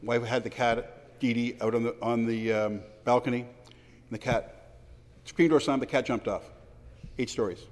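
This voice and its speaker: A man speaking in a parliamentary debate, personal and anecdotal, with halting restarts. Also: mid-range voice, fairly even intonation. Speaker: legislator answering questions. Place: large legislative chamber. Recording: long reverb of a large hall.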